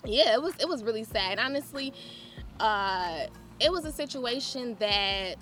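Animated woman telling her story. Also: on the high side, unhurried, soft background music. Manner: candid, animated storytelling with laughter. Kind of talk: personal testimony talk.

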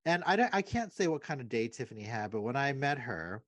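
A man's voice: medium pitch, very animated, fairly quick, a bit bright, no echo. Easygoing man podcast co-host. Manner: easygoing, laughs often, supportive back-and-forth. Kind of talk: casual chat.

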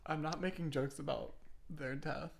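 Low-voiced, bright woman co-host. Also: fairly even intonation, moderate pace, vocal fry. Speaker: podcast co-host. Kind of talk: casual chat.

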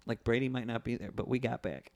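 Man, podcast co-host, casual chat, animated storyteller, mid pitch. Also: fast. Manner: animated storytelling, acts out quotes in funny voices.

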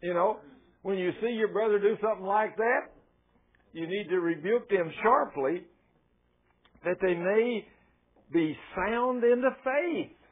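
A man's voice: high voice, a little slow, pauses often, breathy edge. A man preaching a folksy sermon, telling stories with self-mocking, chuckling asides. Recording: tinny phone-like radio sound.

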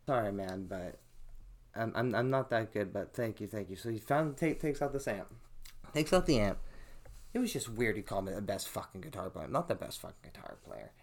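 A man's voice: lowish voice, a little fast. Young male podcast host, casual and profane storyteller. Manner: profane, animated storytelling, acts out quotes.

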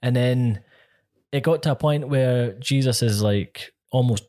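A man's voice: medium pitch, a little slow, dark tone. A man with a Scottish accent, co-hosting a podcast and telling a story in an earnest, casual way, often laughing between phrases. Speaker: podcast co-host.

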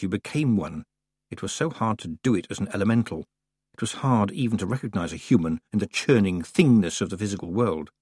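A male audiobook narrator with a lower, slightly husky voice, telling the story with expressive, playful turns. His pitch moves a great deal from phrase to phrase, and the recording is dry and close. It sounds like an intimate fantasy reading. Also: no echo.

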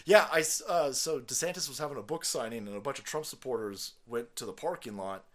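A middle-aged man hosting a casual livestream, rambling and profane, reading chat and bursting into yells and laughter. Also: mid-range voice, brisk. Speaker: livestream host.

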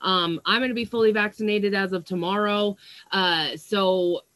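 This young woman, a psychic medium who also vlogs about astrology, talks casually on a livestream through an earphone mic, rambling and swearing a lot between fillers, from a small stuffy room at home with fans running. She speaks at medium pitch and a moderate pace, with fairly even intonation and a slightly bright tone. There's no room sound.

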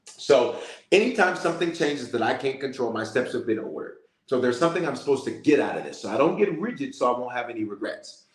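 Male preacher, animated storyteller, middle pitch, echoey room. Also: fast. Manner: storytelling, animated, calls out to listeners. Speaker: bishop. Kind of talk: sermon-style prayer message.

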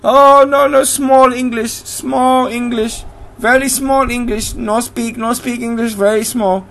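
A man mimicking a female house cleaner who speaks broken English in short halting phrases. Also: a little high, steady tone, fairly bright tone, voice pushed up, low-quality recording. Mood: flustered.

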